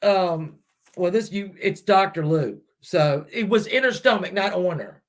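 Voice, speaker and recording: High-voiced man rambling through true crime. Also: measured pace. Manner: rambling and hesitant, many restarts and fillers; speculates aloud, addressing viewers directly. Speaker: true-crime channel host. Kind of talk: casual true-crime storytelling.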